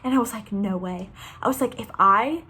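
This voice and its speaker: A woman's voice: a little high, fast talker, bright, forceful tone, husky. A young woman bubbly and chatty, telling the story of her race in a casual recap with lots of fillers. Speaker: running vlogger.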